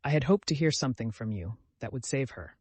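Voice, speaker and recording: A male narrator voicing a gentle, earnest young man who speaks softly with timid reproach. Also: mid-range voice, animated, a little fast, husky, no room sound.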